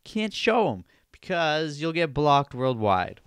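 A man's voice: on the high side, very animated, slow pace, fairly bright tone, smooth, no echo, studio quality. A young man hosting a solo podcast, ranting casually with plenty of swearing and sarcasm. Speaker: podcast host.

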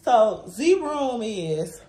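A woman's voice: on the high side, very animated, extremely slow, warm tone. Chatty woman giving a home tour. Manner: chatty, keeps addressing viewers as y'all. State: tired and emotional. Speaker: vlogger. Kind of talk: casual home tour vlog. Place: new apartment and building common areas, indoors.

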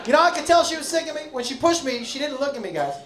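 A middle-aged American man doing stand-up, telling a story and acting out voices with sudden shouts and shrieks. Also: very high voice, very animated, racing. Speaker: stand-up comedian. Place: comedy club stage. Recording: roomy club sound with audience.

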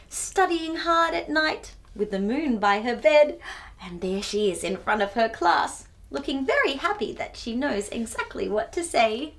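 Reading a picture book to children, this woman slips in chatty comments, gasping and giggling along the way, in a high, fairly bright voice.

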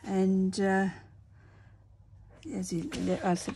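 A craft channel host chats casually to the camera, talking herself through each step with murmured asides. Her voice is medium-pitched and slow, with background noise in the recording.

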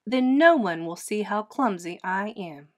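A woman voicing a lost little female baby fruit bat in a children's storybook read-aloud, with a small, high, drawn-out voice. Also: lively intonation, natural voice. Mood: determined.

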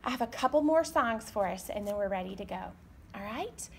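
A woman librarian leading a baby storytime, reading aloud in a slow, sing-song, expressive way. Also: mid-range voice, gravelly, slight background noise. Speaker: children's librarian.

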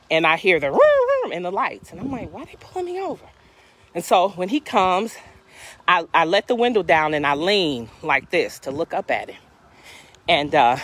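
A woman's voice: lowish voice, a little hiss or hum. A woman in her fifties, a life coach, telling a personal story in a casual testimony style and acting out the dialogue in different voices. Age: 50s. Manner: animated, acts out dialogue in voices. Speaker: life coach and inspirational speaker.

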